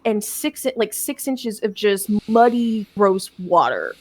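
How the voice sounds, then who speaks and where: A woman's voice: medium pitch, sing-song, slow pace. A young woman streamer telling a long personal story in casual chat, rambling and swearing, with many restarts. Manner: rambling, profane, with frequent restarts.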